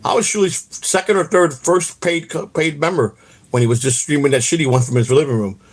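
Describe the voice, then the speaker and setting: A man hosting a livestream, rambling through stories in a profane, excitable way. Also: fairly high pitch, a little fast. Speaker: host. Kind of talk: casual rambling livestream chat.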